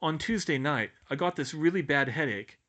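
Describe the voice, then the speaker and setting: A man's voice: fairly high pitch, expressive, moderate pace, bright, forceful tone, pitched above the performer's own voice. A man voicing a thoughtful, worried eleven-year-old boy who speaks earnestly and steadily.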